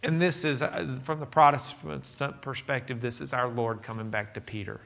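A man's voice: medium pitch, steady tone, moderate pace, creaky, few pauses, fairly bright tone. A man preaching a teaching sermon in a loose, conversational way, with plenty of fillers and asides to the congregation. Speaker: pastor.

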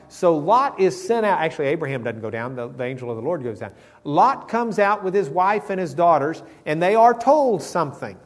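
Casting note: man, a bit high-voiced, teaching a Bible class with jokes and play-acted quotes. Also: very animated, a little fast. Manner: humorous, acts out quoted characters; conversational with fillers. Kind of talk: casual Bible lesson.

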